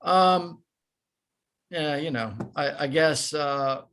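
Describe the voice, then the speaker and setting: Gravelly former ballplayer telling stories. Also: male voice, on the high side, very slow. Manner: animated, self-deprecating storyteller. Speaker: former baseball player, podcast guest. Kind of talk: casual storytelling.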